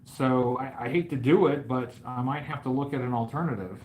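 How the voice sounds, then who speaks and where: A man's voice: mid-range voice, fairly quick, darkish tone, a little hiss or hum, rough recording. A man hosting a toy review channel chats casually on a live stream while he draws. He jokes in a mock-grand, bragging way and rambles with many fillers.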